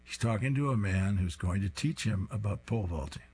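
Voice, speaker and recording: Male reader for comic strips: low, gravelly and raspy voice with a lively, animated delivery. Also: fairly quick. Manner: amused, chuckling, describes each panel. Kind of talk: reading aloud.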